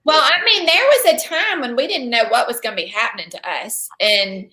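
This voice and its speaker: A woman's voice: a little high, animated, normal speed, sharp tone. A woman, co-hosting a podcast in casual chat, folksy and reflective. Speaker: podcast co-host.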